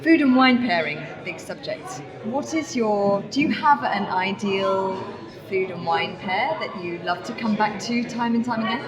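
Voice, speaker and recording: A woman's voice: mid-range voice, lively intonation, unhurried. A woman with a British accent interviewing a guest in a chatty, encouraging way. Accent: British English. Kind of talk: casual interview. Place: busy wine tasting room. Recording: busy crowd behind. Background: crowd chatter.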